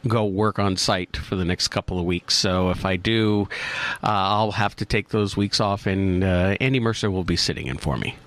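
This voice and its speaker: A man's voice: deep voice, moderate pace. An American man co-hosting a radio show, joking and self-mocking in casual banter. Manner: jokey, self-mocking, lively. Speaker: co-host.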